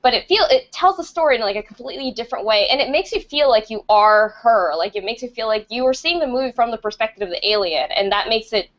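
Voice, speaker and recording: A woman's voice: fairly high pitch, lively intonation, fast talker, few pauses, a bit bright. A woman co-hosting a film podcast, talking in a gushing, enthusiastic way in casual chat. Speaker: podcast co-host, film critic. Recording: slightly muffled lo-fi podcast audio.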